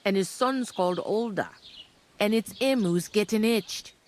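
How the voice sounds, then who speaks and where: A woman's voice: medium pitch, unhurried, a little mellow, close to an everyday voice. Game tavern keeper, woman, gossipy and blunt, shifting accent, light hiss behind; played by a woman. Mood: chatty. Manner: accent drifts between regions mid-sentence.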